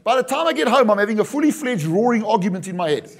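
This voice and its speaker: A middle-aged man preaching a lively sermon, joking and acting out little scenes and calling out "Amen?". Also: high-pitched, fast talker. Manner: animated, jokey preaching with acted-out asides and calls of "Amen?". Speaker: pastor.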